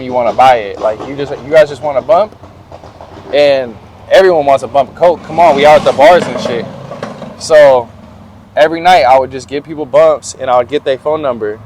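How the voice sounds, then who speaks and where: A man's voice: medium pitch, a little mellow. A young man in an outdoor interview, telling stories from his life in a slangy, laid-back way. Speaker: interview guest. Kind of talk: casual storytelling interview.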